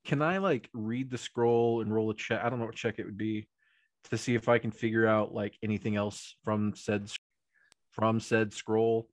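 A man's voice: lowish voice, fairly even intonation, moderate pace. A man playing a tabletop game, rambling and joking with many fillers. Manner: rambling, jokey, many likes. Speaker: player. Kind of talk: casual chat at a game table.

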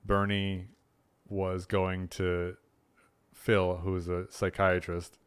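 A man's voice: deep voice, monotone, takes it slowly, clean tone. A man who is a comedian, guesting on a podcast in casual chat, joking and hesitating with many fillers.

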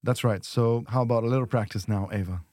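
Man, language teacher, mellow warm voice, patient, slow clear modelling. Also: mid-range voice, steady tone, no room sound, studio quality. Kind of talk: podcast language lesson.

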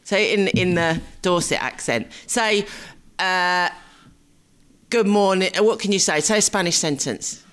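A woman's voice: lowish voice, expressive, normal speed, hardly any pauses, fairly bright tone. A woman from England co-hosting a casual podcast, chatty and teasing, laughing often. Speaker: podcast co-host. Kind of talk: casual chat.

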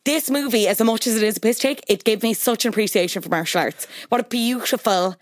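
A young Irish woman hosting a podcast, playful and quick to laugh as she riffs with her guest. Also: fairly high pitch, no echo, studio quality. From Ireland. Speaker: podcast host. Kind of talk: casual chat.

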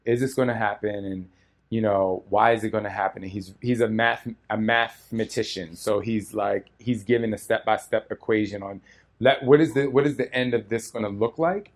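A man speaking as a featured guest at a live audience Q&A, earnest and emotional, rambling as he goes. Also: lowish voice. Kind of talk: heartfelt live Q&A talk.

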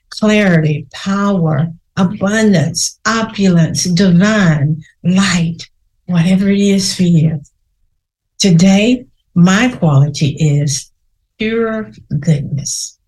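Slow, soothing woman guiding meditation. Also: on the low side, darkish tone. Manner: slow, soothing, repeats phrases. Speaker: podcast host. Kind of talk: guided meditation and affirmations.

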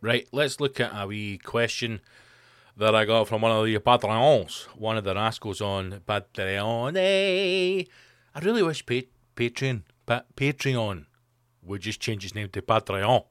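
A man's voice: medium pitch, slow, fairly bright tone, clear, resonant tone, no room sound, studio quality. A Scottish man hosting a comedy podcast, rambling through sweary, jokey asides. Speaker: podcast host.

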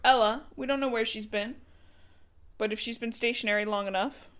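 A woman with a somewhat high voice chats casually as a podcast co-host. She teases her partner and laughs easily as they talk about a book. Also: fairly even intonation, a little fast, fairly bright tone. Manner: teasing, laughs often.

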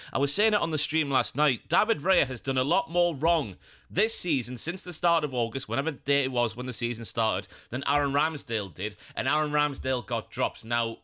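A man hosting a football podcast on his own, talking casually and animatedly, with jokey bits. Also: mid-range voice. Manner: animated, jokey, puts on silly voices for quotes. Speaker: podcast host. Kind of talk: solo football podcast chat.

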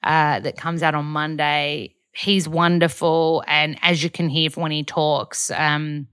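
A young Australian woman with a low, smooth and clear voice talks to her listeners in a gushing, casual podcast chat. She rambles a little and leans on filler words as she goes. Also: level tone, a little slow, a bit bright. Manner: effusive, chatty, many fillers. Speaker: podcast host.

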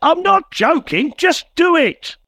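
A stern police chief, voiced by a man in an audio comedy, blunt and impatient with his sergeant. His husky voice leaps wildly up and down. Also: mid-range voice, wildly swooping pitch, a little fast, fairly bright tone, exaggerated voice.

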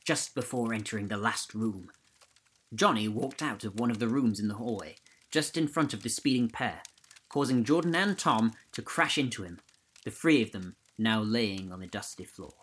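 A man hosting a podcast, reading a ghost story aloud in a steady, measured way. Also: fairly low pitch, slightly rough, rough recording. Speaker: podcast host and narrator.

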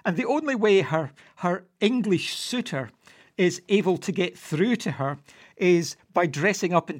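A man's voice: fairly high pitch, slightly rough. A man talking as a guest historian, hesitant and full of stammered restarts. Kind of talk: conversational discussion.

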